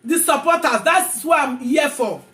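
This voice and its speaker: A woman with a Nigerian accent, ranting angrily in a vlog, repeating herself and often shouting. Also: high-pitched, moderate pace, echoey room. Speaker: vlogger. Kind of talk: angry rant to camera.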